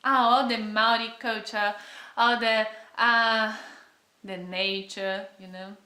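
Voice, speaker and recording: A woman's voice: medium pitch, level tone, takes it slowly, sharp tone, echoey room. A young woman from Brazil with a Brazilian accent, chatting to camera in a casual vlog and often searching for words. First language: Portuguese. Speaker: vlogger.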